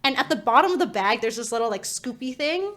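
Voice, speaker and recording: A woman co-hosting a podcast, telling a story in casual chat, animated and laughing, full of filler words. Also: fairly high pitch, quick pace. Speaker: podcast co-host.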